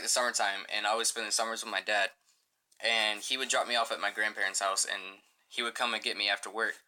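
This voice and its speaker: A man's voice: mid-range voice, bright, forceful tone. A young man rambling profanely through a casual storytime as a gaming channel host, full of filler words.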